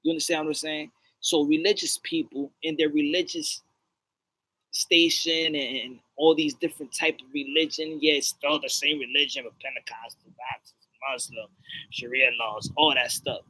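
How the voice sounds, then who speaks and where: A man's voice: fairly high pitch, flat delivery, moderate pace, bright, forceful tone, low-quality recording. A man co-hosting a podcast, talking in a rambling, preachy, repetitive way. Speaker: podcast co-host. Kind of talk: casual chat.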